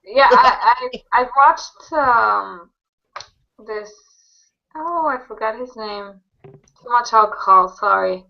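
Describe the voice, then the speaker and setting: A woman's voice: on the high side, slow, creaky, lo-fi sound. A woman chatting casually who hesitates and searches for her words. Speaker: chat participant. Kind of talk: casual chat.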